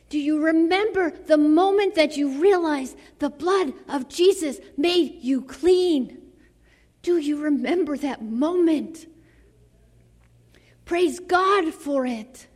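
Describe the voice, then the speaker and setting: A woman preaching a sermon to a church. She delivers it dramatically, dropping to soft near-whispers and then rising to fervent exclamations. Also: high-pitched, takes it slowly. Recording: long reverb of a large hall.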